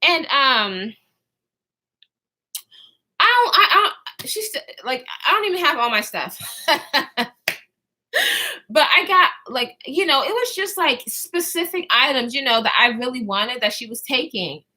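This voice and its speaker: A young woman chatting to her viewers, her voice sitting high and leaping all over the place as she tells the story. Her tone is bright and sharp. She laughs often, swears freely and slips into the voices of the people she quotes. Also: animated, measured pace, pauses often. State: out of breath at times. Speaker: vlogger. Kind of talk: storytime vlog.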